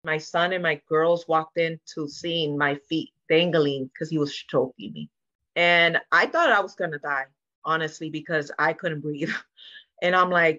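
A woman's voice: deep voice, measured pace, bright, forceful tone, muffled recording. A woman, a guest on a sit-down podcast, telling her personal story in an earnest, emotional way and acting out what people said. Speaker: interview guest. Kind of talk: candid sit-down podcast conversation.

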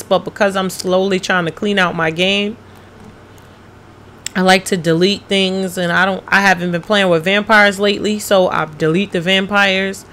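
Brief: woman game streamer, bright edgy tone, blunt and profane, chats with viewers while she plays. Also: mid-range voice. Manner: reads chat messages aloud and answers them. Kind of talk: casual gaming livestream chat.

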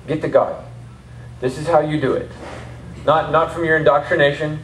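Southern pastor guy preaching, kinda higher voice, echoey room, mic a bit far off. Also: normal speed, slight background noise. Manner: conversational preaching, animated with laughing asides. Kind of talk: sermon. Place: church service in a rented martial arts academy space. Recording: roomy hall audio from a distance.

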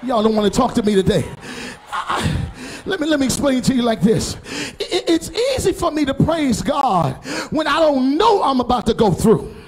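A middle-aged pastor preaching a sermon, building to shouts and chanted, half-sung phrases. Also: male voice, very high-pitched, big pitch swings, moderate pace, a little hiss or hum. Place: church sanctuary before a congregation.

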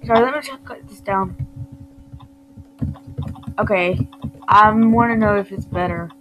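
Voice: mid-range voice, a little slow. A woman giving casual, playful commentary over a video game, scolding her character as she plays. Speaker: gamer commenting on play. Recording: noisy home recording.

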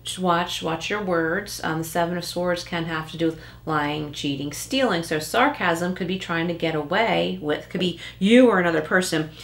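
A woman's voice: on the low side, normal speed, creaky, few pauses. A woman giving a casual tarot reading, chatty, with many likes and rhetorical rights, now and then acting out short quoted lines. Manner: acts out little quoted lines. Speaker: tarot card reader.

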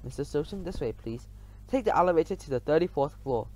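A man's voice: on the high side, expressive, fast, dark tone, close to an everyday voice. A man reading aloud, voicing a haughty, scornful rat doorman who sneers at a visitor. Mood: grudging. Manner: sneering, disbelieving.

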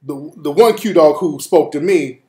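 Brief: lively, high-pitched male host telling funny stories, echoey room. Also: normal speed. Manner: animated, profane, laughing. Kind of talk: comedic storytelling. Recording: roomy echo.

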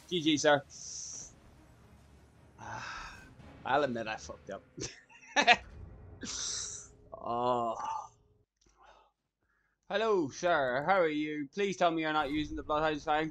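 Excitable man commenting on gameplay. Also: fairly high pitch, slow pace, pauses often. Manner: excitable, laughs often, swears casually. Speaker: gaming YouTuber.

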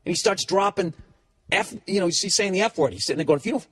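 Husky, fairly high-voiced male comic on a foul-mouthed storytelling rant. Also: fast talker. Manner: profane, animated ranting. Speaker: comedian.

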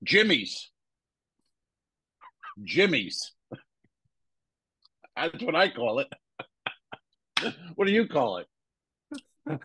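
A man co-hosting a comedy podcast, telling an anecdote in an animated, halting way with many pauses. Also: fairly high pitch, husky, no echo. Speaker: podcast co-host. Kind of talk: casual comedic storytelling.

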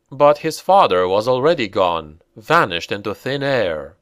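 A man reading a novel aloud as an audiobook narrator, measured and deliberate. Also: medium pitch, big pitch swings, fairly bright tone, clean tone, no room sound, clean studio sound. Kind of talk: scripted narration.

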